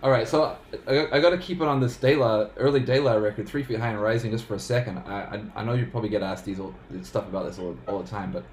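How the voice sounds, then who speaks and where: A man's voice: fairly low pitch, fast, few pauses. A man hosting a casual interview, asking questions with eager, fan-like enthusiasm. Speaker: interview host. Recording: echoey room with faint noise.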